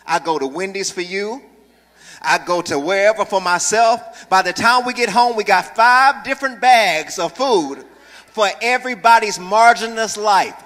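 A man pastor preaching a sermon with call-and-response, building to loud, passionate delivery in a church sanctuary. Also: high-pitched, normal speed, big-room sound.

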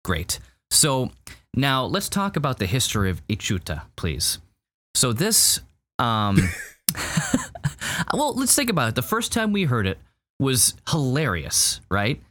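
A man's voice: mid-range voice, very animated, unhurried, fairly bright tone, no echo. A man co-hosting a podcast, reviewing a show in casual chat, rambling with lots of fillers and restarts. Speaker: podcast co-host.

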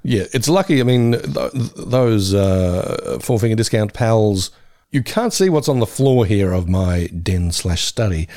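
A man's voice: fairly low pitch, animated, a little slow, dark tone, no room sound. A man, co-hosting a podcast with wry, teasing asides. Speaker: podcast co-host. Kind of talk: casual podcast chat.

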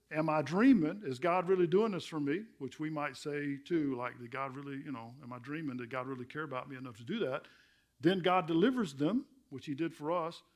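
A middle-aged male pastor preaching a sermon in a conversational way, asking the congregation rhetorical questions and repeating words for emphasis. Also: fairly high pitch.

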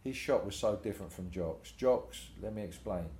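In a roomy, echoey room at his tattoo shop, the older tattoo artist tells animated stories in a casual interview, swearing freely and voicing what others said. His voice is lowish and his pace moderate.

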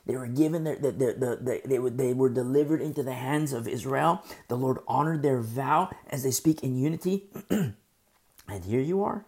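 A male pastor with a sore throat, teaching a Bible study in a conversational way, swinging between loud emphasis and soft, slow talk. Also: mid-range voice.

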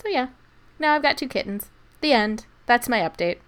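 A woman's voice: a little high, normal speed, clean tone. A woman telling a long story in a casual chat and acting out what people said. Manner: animated storyteller, acts out quotes, laughs often. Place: lives in Germany.

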